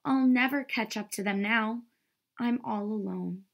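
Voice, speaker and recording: A woman's voice: lowish voice, lively intonation, normal speed, gravelly, husky, exaggerated voice. A woman reading a storybook aloud, voicing a small, lonely, clumsy duckling who speaks plaintively. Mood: sad, wistful. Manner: plaintive and wistful. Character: small, sad, clumsy young male duckling.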